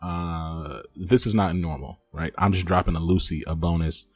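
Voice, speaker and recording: A man's voice: low-pitched, fairly even intonation, normal speed, breathy edge, faint music behind. A man hosting a podcast, chatting casually and teasing his co-host with frequent laughs. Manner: playful, teasing, laughs often.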